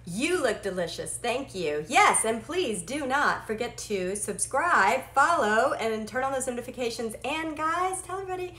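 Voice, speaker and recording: A woman's voice: a little high, animated, normal speed, few pauses, sharp tone. A woman hosting a live cooking stream from her home kitchen, chatty, bubbly and self-deprecating. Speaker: cooking show host. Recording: echoey kitchen with faint clatter.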